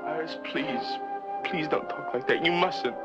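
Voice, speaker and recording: A man's voice: fairly high pitch, unhurried, lo-fi sound, over loud music, natural voice. A young actor playing a hurt, idealistic teenage boy in a 1960s film drama, pleading and anguished. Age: young adult. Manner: pleading and anguished, words tumbling out.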